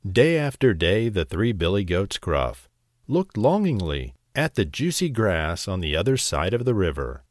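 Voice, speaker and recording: A man narrating a bedtime story in a slow, expressive, gentle way. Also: sits low, no echo, studio quality.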